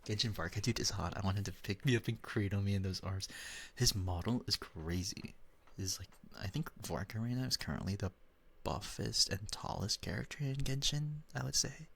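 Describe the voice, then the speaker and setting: A young man from the Philippines chatting with his chat in a soft, whispered role-play style, giggling often. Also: lowish voice, moderate pace, gravelly, slightly rough. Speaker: streamer.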